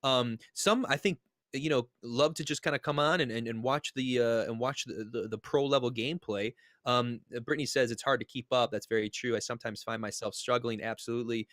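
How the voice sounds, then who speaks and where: A man co-hosts a relaxed live-stream conversation from home. He reads viewer comments aloud and reflects on them slowly, stacking fillers and false starts. His voice sounds dry and close, with no room around it. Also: mid-range voice, no room sound. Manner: thoughtful, reflective, many fillers and restarts. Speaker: co-host reading live chat. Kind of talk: casual live-stream chat. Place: home, joined remotely.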